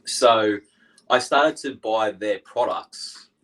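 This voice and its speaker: A man's voice: fairly low pitch, slow, fairly bright tone, low-quality recording. A young man with an Australian accent, a guest in casual chat, rambling through his stories and laughing along.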